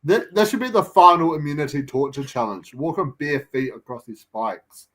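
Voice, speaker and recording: A man's voice: a little high, lively intonation, normal speed, fairly bright tone. A man hosting a casual podcast chat over a video call, wry and musing, with lots of fillers.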